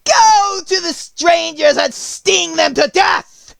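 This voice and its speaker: A man voicing a cruel, commanding wicked witch in an audiobook, drawing out slow strained orders. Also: very high voice, creaky, fairly bright tone, no room sound, shouting, pitched above the performer's own voice, full character voice. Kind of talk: audiobook character voice.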